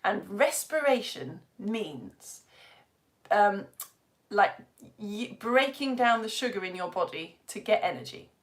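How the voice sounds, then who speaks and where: A woman with a Yorkshire accent, a science teacher giving a lively live lesson for children, chatty and quizzing her audience. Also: medium pitch, slow pace. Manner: chatty and energetic, asks the audience questions.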